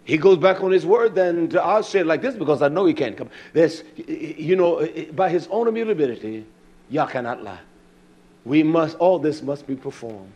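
A man preaching a sermon, reading scripture slowly and building to shouted emphasis. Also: on the high side, husky. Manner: quotes scripture with slow deliberate stress.

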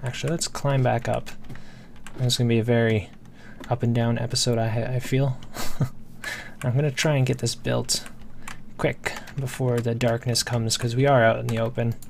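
A man talks through his game while he plays, rambling casually and thinking aloud with plenty of fillers. His voice has a gravelly, creaky edge, and there is a faint clatter of typing in the background. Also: mid-range voice, flat delivery, normal speed, a little hiss or hum. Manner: casual, self-talking while building. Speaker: gameplay host. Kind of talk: let's play commentary.

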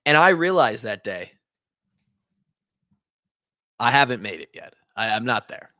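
A young man from Iowa, a former player co-hosting a podcast, tells a story in a lively, swearing, casual way and acts out the quotes. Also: medium pitch, unhurried, dry recording, studio quality.

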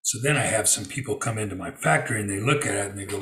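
A man telling a work story in a relaxed interview, using lots of fillers and acting out what people said. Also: fairly low pitch, very fast, roomy sound, recorded from a distance, a little hiss or hum, poor audio. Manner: storytelling with many fillers and acted-out quotes. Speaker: guest. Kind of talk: conversational interview.

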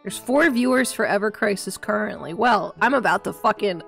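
A woman's voice: medium pitch, animated, moderate pace, creaky, a bit bright. A woman streaming a video game, giving playful, sarcastic commentary and swearing freely. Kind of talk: casual gameplay commentary. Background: faint game music.

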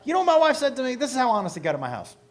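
A middle-aged man doing loud, profane, animated stand-up comedy in a comedy club, speaking into a handheld mic. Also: very high voice, racing. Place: comedy club stage before a live audience.

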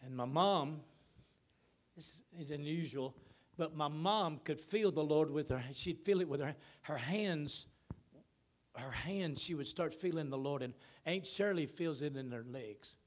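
Guy preaching in church, kinda high voice, gets loud and drags words out. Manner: preaching with rising emphatic bursts and drawn-out words. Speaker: pastor. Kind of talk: sermon. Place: church sanctuary.

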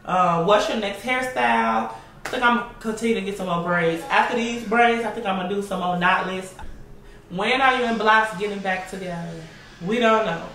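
A woman's voice: mid-range voice, normal speed, fairly bright tone. A young woman vlogger answering viewers' questions in a casual, chatty way, laughing often and calling her audience y'all. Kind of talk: casual Q&A vlog. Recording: echoey room, mic a bit far, faint noise.

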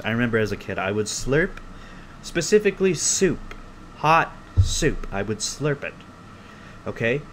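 A young man hosting his own podcast alone, rambling through stories in a casual, profane, animated way. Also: medium pitch, slight background noise. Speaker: podcast host. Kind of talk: casual solo podcast rant. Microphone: close podcast mic.

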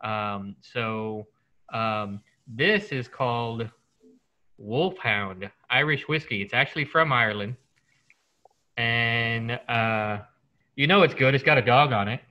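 A man's voice: mid-range voice, takes it slowly, bright, forceful tone, rough recording. A man hosting a podcast, chatting and joking loosely while tasting whiskey, with many fillers and restarts. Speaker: podcast host. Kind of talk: casual chat over whiskey tasting.

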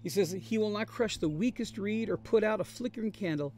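A man with a fairly high voice preaches to his congregation. He talks in an earnest, conversational way and leans on repetition to make his points land. His tone stays steady and plain throughout the sermon. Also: fairly quick, a little hiss or hum. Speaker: pastor. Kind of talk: sermon-style Bible study. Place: traveling, on the road.

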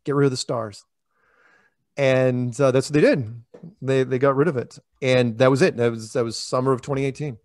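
A man talks in a loose, animated ramble, acting out quoted dialogue with bursts of excitement and sudden drops in volume. He sits at an ordinary middle pitch. The room sounds dry and close, with almost no echo. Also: a little fast. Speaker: interviewee, flat earth public speaker. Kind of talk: casual storytelling interview.

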